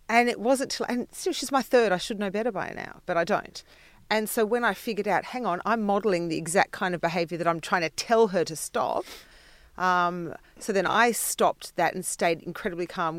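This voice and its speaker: A woman on a podcast panel, giving frank, animated opinions on parenting. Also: on the low side, no echo. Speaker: podcast guest, writer. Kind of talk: casual panel chat.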